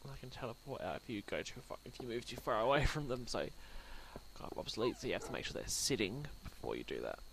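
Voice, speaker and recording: A young man with an Australian accent talks through his gameplay in a loose, rambling way. His voice is gravelly, and his pitch swings up and down a lot. The home mic also catches plenty of background noise. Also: sing-song, quick pace, few pauses, fairly bright tone. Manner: rambling, chatty, talks to the pets in the game. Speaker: gaming channel host. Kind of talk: let's play commentary. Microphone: desk mic that picks up the room. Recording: noisy home recording.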